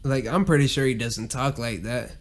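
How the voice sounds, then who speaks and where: A man's voice: mid-range voice, normal speed. A man hosting a casual solo podcast, rambling and cursing a lot and laughing at his own jokes. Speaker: podcast host.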